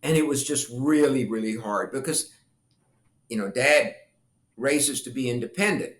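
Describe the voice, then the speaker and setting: A man's voice: medium pitch, moderate pace, reverberant. An older man, a former congressman, telling family stories in an interview and acting out the voices of the people in them. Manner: animated storyteller acting out quoted voices, laughing. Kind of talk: storytelling interview talk.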